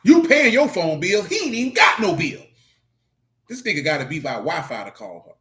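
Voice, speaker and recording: A man teaching scripture in a casual stream, joking and swearing in street slang, with sudden animated outbursts. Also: a little high, brisk, heavy background noise. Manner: animated preaching with rising outbursts. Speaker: Bible teacher.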